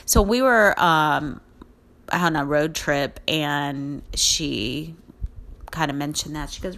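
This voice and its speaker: A woman's voice: deep voice, slow, a bit bright. A middle-aged woman hosting a podcast, talking in an earnest, encouraging way and rambling with restarts. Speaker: podcast host. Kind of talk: casual motivational monologue.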